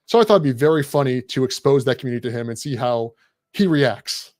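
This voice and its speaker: A man's voice: mid-range voice, lively intonation, fast talker, darkish tone, dry recording. A man chatting as a podcast guest in a loose, rambling way, poking fun at himself and others. His voice sits in a middle register and is recorded close and dry, with no room sound. He talks in an irreverent, offhand manner. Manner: irreverent, rambling, self-deprecating. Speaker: guest content creator. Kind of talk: casual podcast chat.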